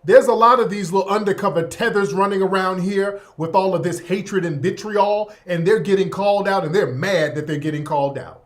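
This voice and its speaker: A man's voice: sits high, a little fast, hardly any pauses. A man hosting an online talk show, commenting on video clips in a blunt, mocking, heated way. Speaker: host. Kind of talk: casual commentary over clips.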